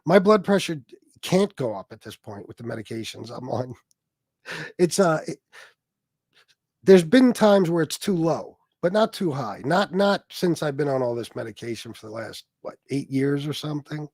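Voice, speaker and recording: A man's voice: fairly high pitch, expressive, moderate pace, darkish tone, no room sound, studio quality. A man hosting a livestream, ranting at people in a heated, sarcastic, profane way. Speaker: livestream host.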